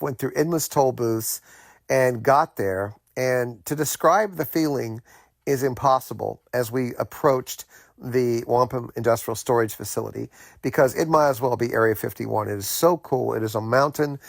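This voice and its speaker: A man's voice: medium pitch, creaky, no room sound. A middle-aged man from the United States telling a personal story in a casual, rambling way, with many fillers and restarts.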